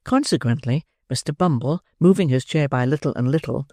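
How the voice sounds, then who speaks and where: Audiobook narrator, middle pitch, dead dry close mic, reads slow and expressive with wry emphasis. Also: no echo.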